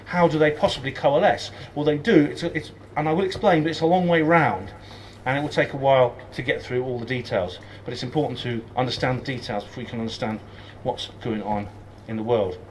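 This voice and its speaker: This guest speaker, born in Wales but now carrying an English accent, addresses a pub function room crowd with plenty of ums, hesitations and jokes on the side. He talks a little fast at medium pitch with fairly even intonation, and the rough recording carries some hiss or hum.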